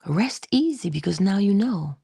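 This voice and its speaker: A woman giving a spiritual motivational talk in a soft-spoken way, often dropping into whispers, with playful, affectionate asides. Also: mid-range voice, expressive, normal speed, creaky, husky, dry recording, studio quality. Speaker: inspirational speaker.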